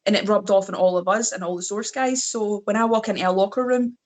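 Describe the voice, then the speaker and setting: A woman with a Scottish accent, a wrestler talking as a guest in casual chat, slightly hoarse and laughing often between fillers. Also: medium pitch, steady tone, fast talker, darkish tone.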